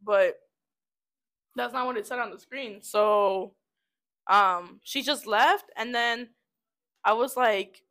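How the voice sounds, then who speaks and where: A woman's voice: a little high, measured pace. A young woman casually chatting as a podcast co-host, telling a story about a customer with lots of swearing. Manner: profane, animated storytelling. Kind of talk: casual chat. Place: study room.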